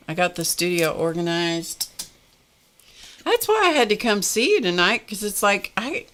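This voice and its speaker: A woman's voice: mid-range voice, fairly bright tone. A woman hosting a casual art live stream, chatting while she works and laughing often. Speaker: art livestream host.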